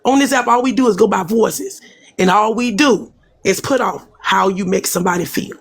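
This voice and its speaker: A woman's voice: mid-range voice, normal speed, slightly rough. A woman in a casual live audio chat, giving the host reflective advice. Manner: advising, reflective, speaks straight to the host.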